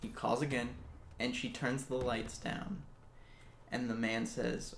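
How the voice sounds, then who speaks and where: A man's voice: mid-range voice, little pitch movement, unhurried, gravelly. A man casually telling a spooky story, jokey and laughing at his own asides, recorded in an echoey room. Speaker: storyteller host. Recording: echoey room, faint hiss.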